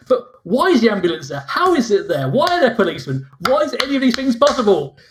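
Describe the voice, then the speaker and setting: A man with a fairly high voice rants through a casual podcast chat. He sounds exasperated and mocking, and keeps slipping into sarcastic little reactions. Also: big pitch swings, fast, a little hiss or hum. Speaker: podcast co-host. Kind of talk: casual ranting film review.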